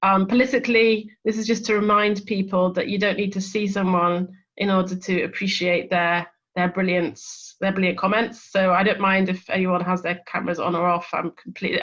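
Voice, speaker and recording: A woman's voice: fairly low pitch, flat delivery, a little fast, a bit bright. A woman chairing an academic seminar over a video call, chatty and self-deprecating as she introduces the speakers. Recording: dull lo-fi video call audio.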